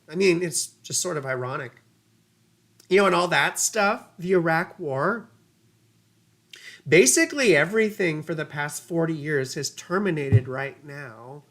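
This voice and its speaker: A woman astrologer giving casual livestream chart readings, rambling and chatty with laughing asides and casual swearing. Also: deep voice.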